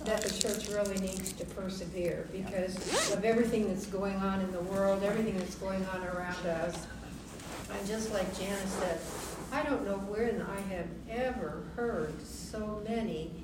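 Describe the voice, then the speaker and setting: A woman's voice: mid-range voice, normal speed. Woman, group member, thoughtful, stumbling speech, distant, noisy. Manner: thoughtful, stumbles over words. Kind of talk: casual sharing. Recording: echoey, distant, noisy room.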